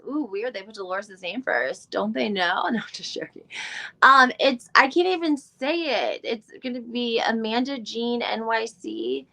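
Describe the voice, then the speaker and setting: Woman live-stream host, slightly high voice, chatty and rambling, casual, swears a little. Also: creaky, pushed and bright. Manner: chatty, rambling, thinks aloud while searching online; mild swearing, frequent fillers. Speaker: podcast host doing a live recap.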